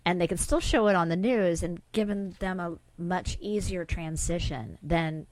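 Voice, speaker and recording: A woman's voice: fairly low pitch, moderate pace, no echo, poor audio. A woman reading pet news on a radio show and giving her frank opinions as co-host. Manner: crisp news read, then frank and opinionated.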